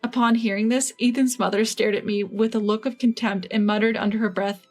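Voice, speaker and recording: A woman in her thirties narrating a scripted first-person story in a steady, even storytelling manner. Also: mid-range voice, brisk, few pauses. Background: faint background music.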